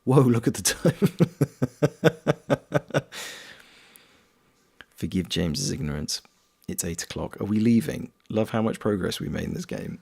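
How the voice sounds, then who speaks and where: A man's voice: on the low side, lively intonation, fairly quick, gravelly, darkish tone, slightly rough. A man from Wales chatting casually on a live stream while gaming, rambling and reading chat aloud. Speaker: streamer and voice actor.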